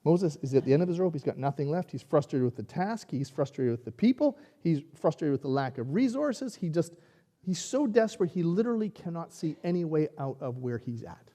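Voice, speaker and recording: A man preaching a sermon in a conversational, animated way, acting out quoted lines. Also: high voice, brisk. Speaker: pastor.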